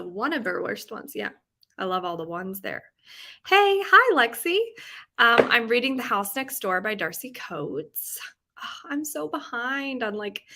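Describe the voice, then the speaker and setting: A woman's voice: mid-range voice, sharp tone. A woman hosting a live reading stream, chatting casually with her viewers in a bubbly way, full of "like" and "um". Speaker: book-reading livestream host.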